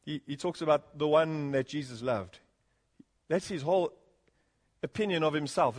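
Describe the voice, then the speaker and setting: A man with a fairly high voice preaches an earnest expository sermon at normal speed, frequently rising to emphatic points and chuckling between them. Long hall reverb surrounds his voice.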